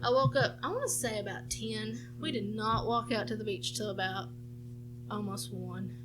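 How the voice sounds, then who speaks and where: A woman's voice: mid-range voice, normal speed, noisy background. A young woman co-hosting a podcast, telling a story with a lot of swearing and acting out what people said. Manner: animated storytelling, acts out quotes, frequent swearing. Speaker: podcast co-host. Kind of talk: casual chat.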